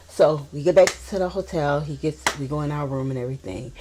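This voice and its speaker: Low-voiced New Orleans woman storyteller. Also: quick pace, few pauses, slight background noise. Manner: chatty, relaxed, repeats phrases while telling a story. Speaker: vlogger. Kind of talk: casual storytime.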